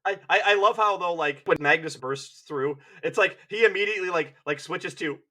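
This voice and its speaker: Bright-voiced wry male podcast host. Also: high-pitched, moderate pace. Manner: rambling with restarts, wry. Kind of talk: casual chat.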